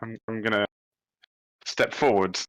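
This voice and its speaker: Low-voiced man playing a tabletop game. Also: steady tone, measured pace, a bit bright, clear, resonant tone, no echo, rough recording. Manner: casual, stumbling with restarts. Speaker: player. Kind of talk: tabletop role-play chat.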